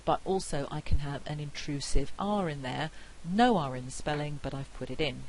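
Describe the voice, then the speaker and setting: A British woman with a non-rhotic accent giving a university phonetics lecture, saying example phrases slowly and clearly. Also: low voice, a little mellow, rough recording. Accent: non-rhotic British English. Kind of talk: academic lecture. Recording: faint hiss.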